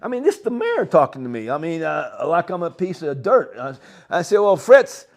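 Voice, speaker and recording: An older man, telling a long story as a guest, animated and halting, with frequent chuckles. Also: a little high, creaky. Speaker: interview guest. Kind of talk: rambling storytelling.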